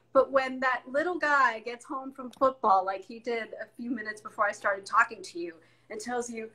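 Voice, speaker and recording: A woman in her forties, a guest chatting casually in an interview and telling lively stories about family life. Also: a little high, moderate pace, rough recording. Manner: animated storyteller, acts out family voices.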